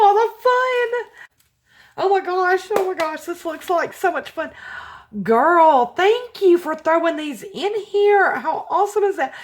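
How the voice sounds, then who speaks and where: A woman hosting a craft channel, chatting casually and gushing with excitement as she unboxes a handmade package. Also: a little high.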